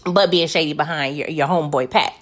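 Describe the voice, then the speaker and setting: A woman's voice: low voice, fairly quick, fairly bright tone. A woman casually recapping a TV episode in a chatty, slangy way, often tacking on "okay?" and laughing between points. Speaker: TV recap host.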